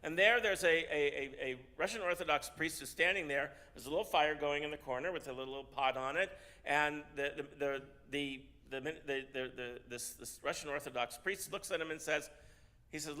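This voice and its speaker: Bright-voiced man telling a story. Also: fairly high pitch. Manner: halting, repeats words often, animated. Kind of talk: storytelling sermon. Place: synagogue service.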